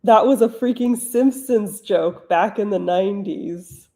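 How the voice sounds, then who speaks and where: A woman's voice: mid-range voice, a little slow, mellow. A woman author hosting a live writing stream from home, answering chat questions in a blunt, wry, casual way.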